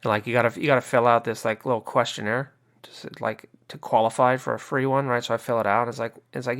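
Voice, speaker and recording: A man's voice: mid-range voice, steady tone, fast talker, a bit bright. An American man hosting a podcast, ranting casually with lots of swearing and "you know" fillers, sounding exasperated. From United States. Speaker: podcast host. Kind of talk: casual rant.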